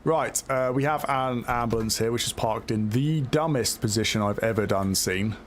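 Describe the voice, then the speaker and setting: Streaming a police game live, this man narrates his play with lots of self-talk, hesitation, and filler words in a chatty manner. He speaks at normal speed in a mid-range voice over a little hiss or hum.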